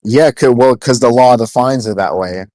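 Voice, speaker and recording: A man's voice: mid-range voice, normal speed, warm tone, no echo. A man in an online voice-chat argument, answering curtly and dismissively and defending himself.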